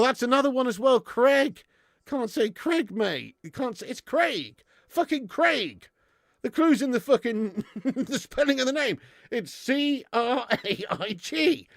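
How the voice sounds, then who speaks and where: A man's voice: on the high side, vocal fry, no room sound, clean studio sound. A man hosting a live stream, bantering with viewers in casual, sweary chat and laughing often.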